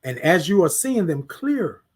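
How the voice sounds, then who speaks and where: A man hosting a morning livestream, giving a preachy, repetitive motivational talk and reading out viewer comments, moving between hushed words and loud emphatic bursts. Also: high voice, big pitch swings, moderate pace, breathy edge. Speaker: host.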